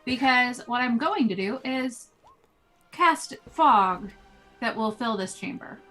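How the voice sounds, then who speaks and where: A woman at a tabletop game talks through her turn, taking care to explain each choice. Her voice sits somewhat high for a woman. Quiet music plays in the background. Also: expressive, slow. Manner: explains her moves carefully. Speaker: player. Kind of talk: casual tabletop game talk.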